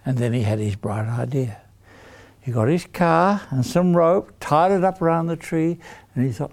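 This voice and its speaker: A man tells a story to young children in an animated, playful way. His voice is gravelly and sits fairly high. He keeps pausing to ask the children questions.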